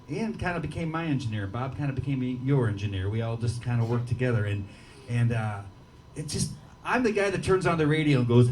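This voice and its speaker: A man's voice: medium pitch, darkish tone, a little hiss or hum. A man with a Midwestern American accent chatting and joking with the crowd between songs at a small bar gig. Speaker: singer-songwriter on stage. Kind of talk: rambling on-stage banter between songs. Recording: live PA from a distance, guitar playing.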